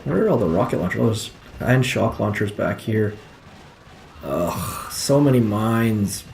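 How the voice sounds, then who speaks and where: A young man with a somewhat low voice talks through his game in a casual, self-deprecating way, muttering frustrated asides. Faint room noise sits under his home mic. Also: expressive, unhurried, creaky, a little mellow. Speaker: gameplay commentator. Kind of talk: casual gameplay commentary.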